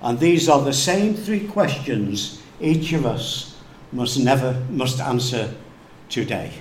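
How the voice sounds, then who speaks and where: Slow-preaching man in an echoey church. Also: medium pitch, lively intonation. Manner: slow, deliberate preaching with hushed dramatic drops. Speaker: pastor. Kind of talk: sermon. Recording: echoey room with faint background noise.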